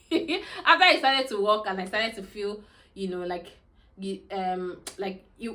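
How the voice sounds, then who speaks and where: A young woman recounts a personal story to her viewers. She talks casually and chattily, with lots of "you know" and "like", restarting sentences as she goes. Her pitch sits in the middle for a woman. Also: a bit bright. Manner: chatty, many fillers and restarts, laughs often. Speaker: vlogger.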